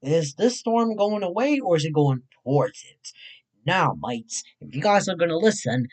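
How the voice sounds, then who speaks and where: A man from Mexico hosting a casual weather livestream, excitable and rambling, often repeating himself. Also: fairly high pitch, moderate pace, low-quality recording.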